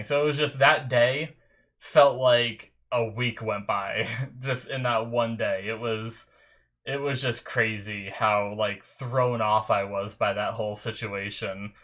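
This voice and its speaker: A man's voice: fairly low pitch, fairly even intonation, moderate pace, a bit bright. A young man in his bedroom, chatting casually as an anime reaction host and rambling through a story with many restarts. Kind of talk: casual chat. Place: bedroom at home.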